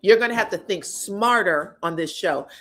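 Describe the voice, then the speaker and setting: Young woman host, gossipy and profane reality-TV recapper, animated delivery. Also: medium pitch, moderate pace. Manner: animated, profane, gossipy, laughs at her own jokes. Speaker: reality TV commentator.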